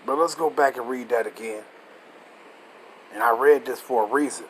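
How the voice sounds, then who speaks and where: A man's voice: mid-range voice, moderate pace, slight background noise, rough recording. A man teaching scripture in a loose, casual way, reading passages aloud and breaking off with blunt, profane comments and rhetorical questions.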